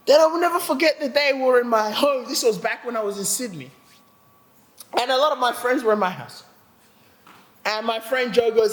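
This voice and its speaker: Speaking briskly in a very high voice, this man is a pastor delivering a sermon in a large church hall. He's animated, recounting a humorous personal story, performing the quoted voices of others, and laughing frequently.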